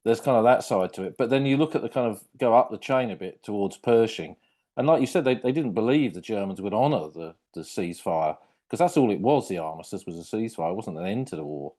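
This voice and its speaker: A British man hosting a podcast, talking in a thoughtful, measured way. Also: fairly low pitch, animated, warm tone. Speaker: podcast host. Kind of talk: casual conversation.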